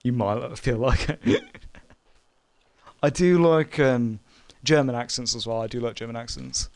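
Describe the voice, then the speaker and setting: A man's voice: medium pitch, slow pace, darkish tone, dry recording. Rambling young British man streaming games. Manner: rambling, hesitant, lots of fillers; laughs between remarks. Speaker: game streamer. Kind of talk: casual chat while gaming.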